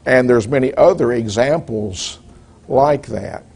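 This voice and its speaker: A man preaching a sermon in a measured, deliberate way, posing rhetorical questions to the congregation. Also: mid-range voice, gravelly, darkish tone, breathy edge.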